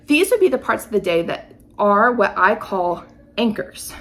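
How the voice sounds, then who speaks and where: A woman in her thirties hosting a podcast, explaining ideas in a chatty, teacherly way with lively emphasis. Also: on the high side. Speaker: podcast host.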